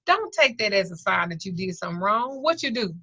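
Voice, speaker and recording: This middle-aged woman runs an occult class on a video call, cursing freely, cracking jokes and performing voices in small acted-out scenes. She speaks a little fast in a bright, forceful mid-range voice with big pitch swings. The recording is dry, coming through as dull lo-fi call audio.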